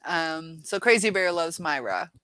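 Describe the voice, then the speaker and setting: A woman's voice: low voice, animated, measured pace, a bit bright, dry recording, rough recording. A middle-aged woman hosting a casual livestream, rambling through viewer comments with many fillers and laughs. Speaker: livestream host.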